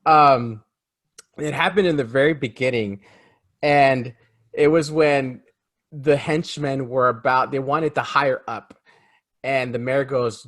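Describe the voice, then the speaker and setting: A man co-hosting a casual film review podcast, laughing often and animated. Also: medium pitch, slow. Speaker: co-host. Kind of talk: casual movie review chat.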